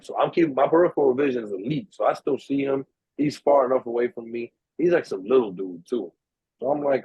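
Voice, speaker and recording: Young New man, husky, tinny dry line, animated podcast storyteller. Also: mid-range voice, fairly quick, no echo. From New York. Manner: animated storyteller, acts out quoted voices, swears freely. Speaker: podcast co-host. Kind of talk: casual storytelling chat. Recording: tinny, dry, narrow-band sound.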